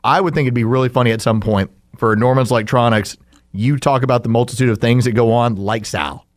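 A man's voice: medium pitch, fairly quick. A man co-hosting a podcast, telling stories in a loose, rambling way and laughing often. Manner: laughing storyteller, rambling restarts. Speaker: podcast co-host. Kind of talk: casual chat.

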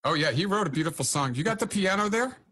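A man hosting a podcast interview, chatting warmly and heaping praise on his guest. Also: sits high, animated, fast talker, slightly rough. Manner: enthusiastic, full of praise. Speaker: podcast host. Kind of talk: casual interview chat.

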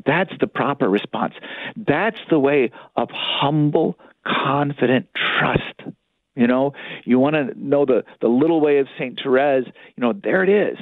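A man's voice: mid-range voice, expressive, moderate pace, no room sound. A priest speaks earnestly on a radio call-in show, his voice rising and falling with lots of life. He acts out inner thoughts to drive a point home. The sound comes through dry and thin, like a phone line. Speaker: priest, spiritual director. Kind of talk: catholic radio talk.

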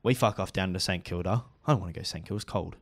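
A man's voice: low-pitched, very fast. A young Australian man co-hosting a casual podcast, emphatic and ranting. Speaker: podcast co-host. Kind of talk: casual chat.

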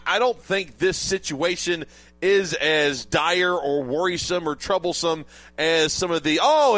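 A man's voice: sits high, fairly bright tone, no room sound. A man hosting a sports radio show, chatting casually and laughing often.

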